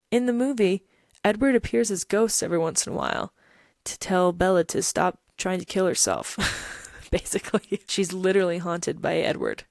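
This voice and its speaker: A woman's voice: mid-range voice, vocal fry, a little mellow, dry recording, clean studio sound. A young woman hosting a podcast, giving emphatic, casual commentary and pressing her points with rhetorical questions. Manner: emphatic, rhetorical, keeps asking "right?" and "okay?". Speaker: podcast host. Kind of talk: casual commentary on song lyrics.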